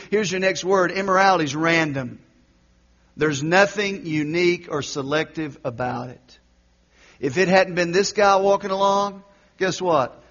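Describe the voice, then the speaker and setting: A man preaching a sermon, reading scripture and moving from loud urgent calls to hushed, intense asides. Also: a little high, highs cut off. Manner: preaching with big swings from loud exhortation to quiet intensity. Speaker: pastor.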